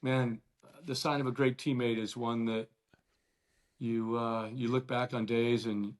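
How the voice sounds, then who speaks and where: A middle-aged man, a former ballplayer, guesting on a casual podcast chat, speaking earnestly and warmly and often restarting his sentences. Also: medium pitch, level tone, a little slow. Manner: earnest and warm-hearted, with frequent restarts. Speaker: guest, former baseball player.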